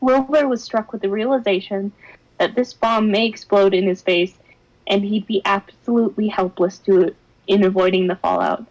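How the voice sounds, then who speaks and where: Brief: young woman, mid-pitched voice, theatrical fan-fiction reading peppered with giggles and asides. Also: a little fast, low-quality recording. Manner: dramatic reading that breaks into giggles and wry comments. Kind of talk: expressive narration with laughing asides.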